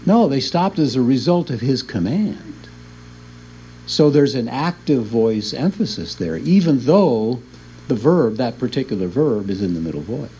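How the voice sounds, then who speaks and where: A man's voice: medium pitch, animated, measured pace, mellow, slight background noise, low-quality recording. Chuckling man teaching a Bible class. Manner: chuckles often while explaining. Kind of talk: classroom lecture.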